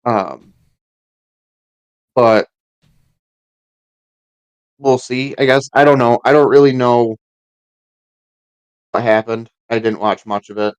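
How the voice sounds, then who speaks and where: A man's voice: mid-range voice, fairly even intonation, takes it slowly, long pauses, smooth, no room sound, highs cut off. A man co-hosting a casual sports podcast who rambles and restarts his sentences often. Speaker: podcast co-host.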